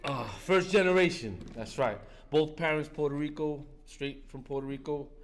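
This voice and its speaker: A man's voice: on the high side, slight background noise. Blunt older New man sharing. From New York. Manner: blunt, profane, joking, with halting restarts. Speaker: recovery meeting speaker. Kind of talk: sharing at a recovery meeting.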